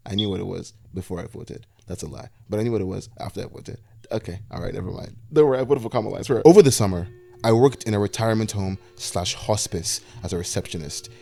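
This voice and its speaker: A man's voice: on the low side, warm tone. A 21-year-old man narrating a scripted video essay with wry, self-deprecating, anxious rambling.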